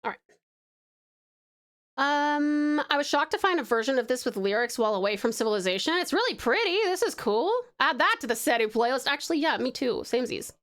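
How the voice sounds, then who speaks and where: A woman's voice: sits high, lively intonation, a little fast, a bit bright. A young Australian woman chatting casually with her live chat while drawing, swearing freely and laughing often. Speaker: VTuber streamer.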